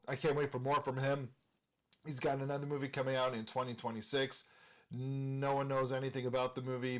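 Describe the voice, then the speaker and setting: This mid-range male voice belongs to a Minnesota man who hosts a movie channel. He ranks film directors in a casual, enthusiastic way, using lots of filler words.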